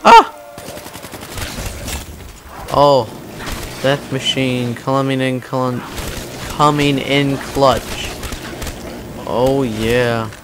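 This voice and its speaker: A young man commentating on a game rambles through stories, impersonating people in loud, high voices. He keeps a level tone, drawing out his words and leaving long pauses, with background noise present.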